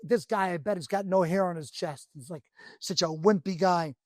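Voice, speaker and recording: A man's voice: sits high, normal speed, a little mellow, no room sound, studio quality, voice pushed down, lightly acted. A man voicing scornful strangers at an inn who taunt and goad a servant. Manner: taunting, sneering. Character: two mocking men at an inn, scornful.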